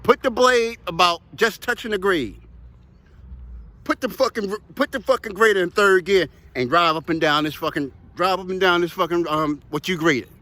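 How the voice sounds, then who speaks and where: Guy running heavy machines, swears nonstop, high bright voice, rambles on outside by the road. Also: moderate pace. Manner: profane, emphatic, rambling. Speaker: heavy equipment operator. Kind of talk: casual storytelling to camera.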